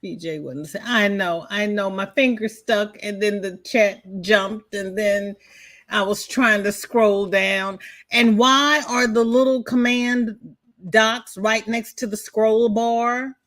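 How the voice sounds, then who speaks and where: A woman's voice: mid-range voice, fairly even intonation, slow pace, a bit bright. A woman hosting a crochet livestream, chatting casually and greeting viewers by name, with folksy exclamations.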